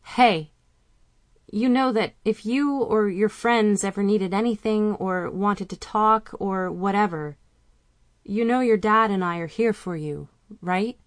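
A woman voicing a worried, affectionate mother who talks softly and gently to her teenage daughter. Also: mid-range voice, slow, dry recording, studio quality, pitched above the performer's own voice, close to an everyday voice. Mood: tender. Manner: soft, affectionate.

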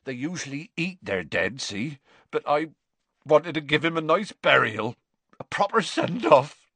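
A man voicing a huge, soft-hearted gamekeeper who speaks in rough rustic dialect, choked with grief and tears. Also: a little high, sing-song, a little slow, no echo, pitched above the performer's own voice, exaggerated voice. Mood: emotional.

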